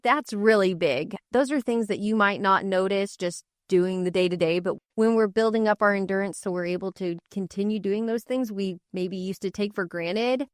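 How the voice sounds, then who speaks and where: A woman specialist in a radio interview, explaining things in a clear, instructive way. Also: medium pitch, moderate pace, few pauses, no room sound, studio quality. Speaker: extension specialist.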